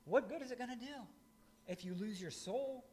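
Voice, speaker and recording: Middle-aged pastor guy from indiana, kinda high voice, chatty folksy sermon style. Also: normal speed, a little mellow. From rural Indiana. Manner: conversational, folksy with asides.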